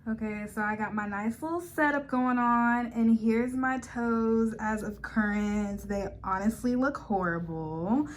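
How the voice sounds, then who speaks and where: With a fairly high pitch and a measured pace, this young adult beauty vlogger talks casually in her home video, leaving few pauses. She's bubbly, peppering her speech with playful catchphrases like "honey" and "period," and a little hiss or hum sits under the audio.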